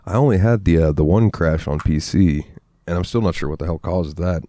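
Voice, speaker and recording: Deep-voiced man in casual podcast chat. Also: fairly quick, dark tone, no echo. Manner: rambling, laughs often, swears freely. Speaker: podcast co-host.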